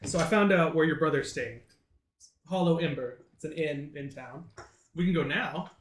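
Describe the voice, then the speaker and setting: A man's voice: on the high side, normal speed. A man playing a tabletop game, speaking as his character in short plain lines. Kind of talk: casual role-play chat. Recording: roomy echo with faint noise.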